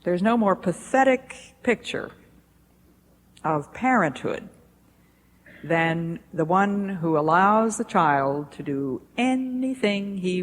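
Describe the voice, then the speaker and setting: Woman with a lowish voice giving a devotional talk, slow and deliberate, echoey old hall recording. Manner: measured, deliberate storytelling. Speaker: speaker at a Bible institute. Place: lecture hall. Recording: echoey hall with faint hiss, 1980s.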